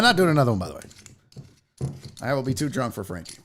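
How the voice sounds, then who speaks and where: A man hosts a comedic talk show with a loud, mocking edge, cursing freely as he rants. His pitch jumps all over the place, swooping up for sarcastic impressions and dropping low for deadpan asides. He talks at a loose, animated clip. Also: fast, pauses often. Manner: loud, mocking, profane, swings into exaggerated voices. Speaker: podcast host.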